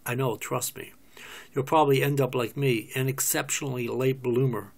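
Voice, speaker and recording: Here is a lonely, wounded man, read by a man in a play reading. He pleads and scolds in an exasperated way, and his voice stays at an everyday medium pitch. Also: steady tone, normal speed, lightly acted. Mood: wry. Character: lonely, hurt man, jealous partner.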